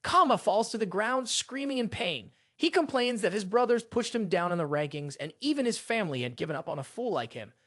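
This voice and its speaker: A narrator reading a fantasy comic recap as scripted storytelling in a steady manner, recorded close on a voice-over mic. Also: medium pitch, a little fast, hardly any pauses, no echo.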